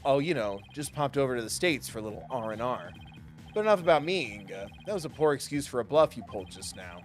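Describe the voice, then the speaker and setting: A man's voice: medium pitch, lively intonation, quick pace, soft background music, lightly acted. A man voicing a smug, cocky male turncoat who taunts breezily.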